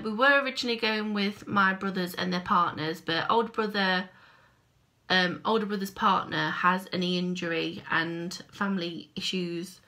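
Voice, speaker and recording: A woman's voice: on the low side, bright, forceful tone. A woman talking casually to camera at home for her vlog, rambling and self-deprecating. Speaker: crochet vlogger. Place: at home by a window.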